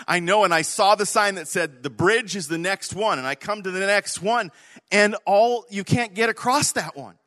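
A man preaching a sermon, telling an animated story, swinging from loud to hushed. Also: a little high. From Canada. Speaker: pastor.

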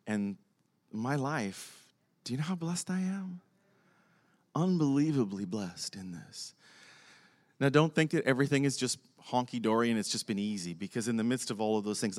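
Preaching a sermon in a lowish voice, an older man recounts a personal story with animation, laughing now and then as he performs both halves of a conversation.

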